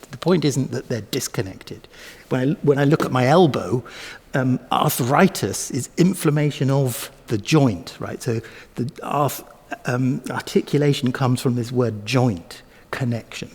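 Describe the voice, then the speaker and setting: A man's voice: medium pitch, a little mellow, slightly rough. A man teaching music to camera, musing aloud with many ums and self-corrections and sounding out rhythms with syllables, playing a cello between phrases. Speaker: cellist and teacher. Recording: long hall reverb with cello.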